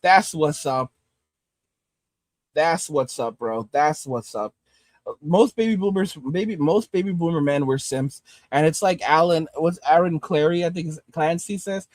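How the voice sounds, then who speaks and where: A man's voice: on the high side, measured pace, no room sound. A man hosting a livestream, ranting bluntly and with heavy swearing, then reading out and answering viewer comments from his home desktop setup on a studio microphone. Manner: blunt, heavily profane, heated. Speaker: livestream host.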